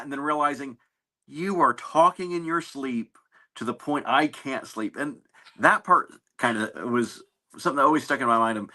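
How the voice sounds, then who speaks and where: A man in an interview, telling stories about his navy service in a relaxed, anecdotal way with fillers and restarts. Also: medium pitch, moderate pace. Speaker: navy veteran guest. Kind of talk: casual interview storytelling.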